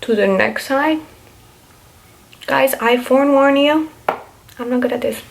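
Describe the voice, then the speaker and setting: A woman's voice: high-pitched, a little slow, gravelly, noisy background. A young woman vlogger chatting casually through her makeup routine, explaining each step with plenty of fillers. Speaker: beauty vlogger.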